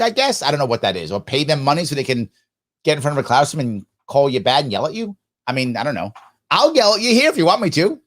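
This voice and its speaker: A man hosting a live talk show, reading viewer comments aloud and answering them emphatically, often posing questions and answering them himself. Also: on the high side. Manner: animated, jokey asides. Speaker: political talk show host.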